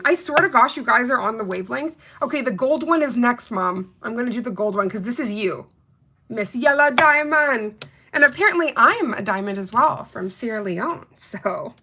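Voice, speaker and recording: A woman's voice: mid-range voice, sharp tone. A young adult woman reviewing nail polish in a casual unboxing chat, bubbly and chatty, talking straight to her viewers.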